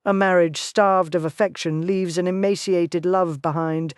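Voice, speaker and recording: Smooth-voiced woman narrating a thriller. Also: on the low side, steady tone, unhurried, no room sound, studio quality. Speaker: audiobook narrator. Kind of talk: scripted first-person narration.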